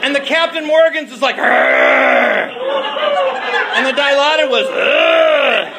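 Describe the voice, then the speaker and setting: High-voiced man rambling through a stage story. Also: brisk. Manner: rambling, self-mocking, laughing through the tale. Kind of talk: stand-up storytelling. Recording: live show with audience laughter. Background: crowd laughing.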